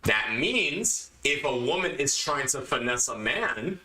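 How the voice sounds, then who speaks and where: A man's voice: medium pitch, big pitch swings, a little slow, echoey room, a loud crowd, low-quality recording. Emphatic man lecturing on a podcast. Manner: emphatic, lectures the listener directly, repeats points. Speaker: podcast host. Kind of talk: opinionated podcast monologue.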